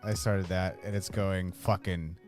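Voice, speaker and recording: A man's voice: deep voice, steady tone, darkish tone. Man, casual podcast chat, easygoing, faint background music. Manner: casual, recaps events in quick lists. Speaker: podcast co-host.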